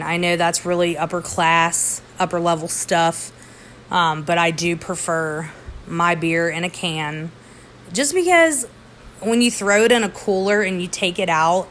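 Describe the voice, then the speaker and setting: A woman's voice: fairly low pitch, fairly bright tone, a little hiss or hum. A woman hosting a casual beer review podcast, chatty and rambling, laughing at herself. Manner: chatty, rambling, self-deprecating.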